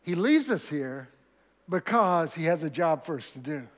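A man's voice: a little high, sing-song, normal speed, long reverb tail. A man preaching a sermon as pastor of his church, talking conversationally and asking the congregation questions. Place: church sanctuary.

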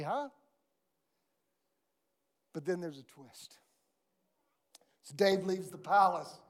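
A man preaching a sermon, telling a parable with animated storytelling and big swings of volume. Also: very high voice. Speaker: pastor.

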